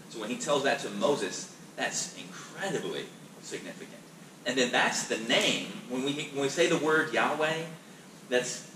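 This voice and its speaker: Male pastor, mid-pitched, casual and emphatic teaching; distant mic in an echoey, noisy room. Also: a bit bright. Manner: conversational, emphatic, repeats words as he restarts. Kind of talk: Bible class teaching.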